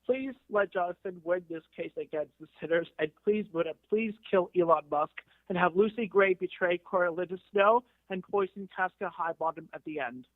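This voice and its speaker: Guy putting on a high pushy slangy caller voice, tinny phone sound, dry. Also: normal speed, no echo, natural voice. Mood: earnest. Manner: slangy, insistent. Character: young male caller, street slang, pushy.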